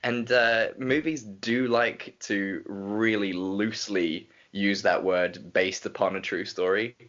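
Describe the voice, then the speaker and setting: A young man with a low voice co-hosts a podcast, talking in an animated, joking, rambling way. He records from a small cupboard in an office, and the sound is dull and lo-fi. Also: slow. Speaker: podcast co-host. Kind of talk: casual chat.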